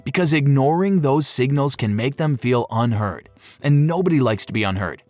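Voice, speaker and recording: A man narrates a scripted pet-care video in a lively voice that moves all over its range. He tosses in playful, jokey asides. The sound is dry and close, with faint music behind him. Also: mid-range voice, moderate pace, dry recording.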